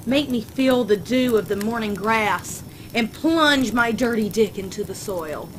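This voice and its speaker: Lady doing a goofy guy w a fake aussie accent, loud n high, overdone, noisy background. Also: measured pace, natural voice. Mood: pleading. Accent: exaggerated mock Australian.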